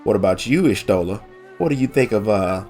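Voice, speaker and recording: A man with a nasal voice voicing a lively young woman who talks in a flustered, stammering, casual way, pushing his pitch well up. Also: a little fast, faint music behind. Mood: prying.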